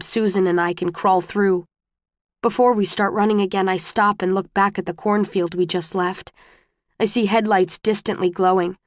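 Woman narrator for a first-person audiobook, restrained, mid-pitched, dry booth sound. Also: no room sound. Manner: subdued, measured and restrained.

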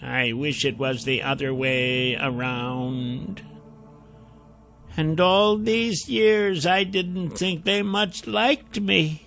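A man's voice: on the high side, drawn-out words, creaky, a bit bright, soft background music, voice pushed up, full character voice. A male narrator voicing a bald old gnome speaking through tears in a lilting, sing-song way. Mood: grieving.

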